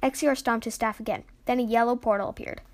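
A woman narrating a children's adventure story aloud. Her delivery is lively, and her voice sits fairly high. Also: fast. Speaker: story reader.

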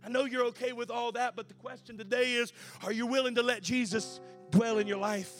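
Man, pastor, sermon, shouted sing-song preaching, quiet asides, very high voice, music playing behind. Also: steady tone, fairly quick.

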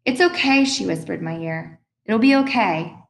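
A woman reading the lines of a tender, caring mother in an audiobook, soft and soothing. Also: medium pitch, lively intonation, moderate pace, gravelly, echoey room, voice pushed up.

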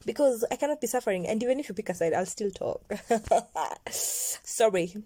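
Chatty woman with a mellow voice. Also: fairly high pitch, expressive, normal speed, slightly rough. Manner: chatty, digressive, drops into near-whispers. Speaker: vlogger. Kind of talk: casual storytelling to camera.

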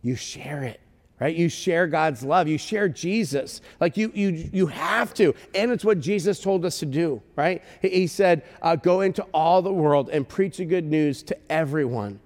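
A male pastor preaching a sermon, telling stories with emotion and breaking into shouts at times. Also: fairly high pitch, lively intonation, normal speed. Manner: storytelling, emotional, with shouted bursts. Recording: long hall reverb.

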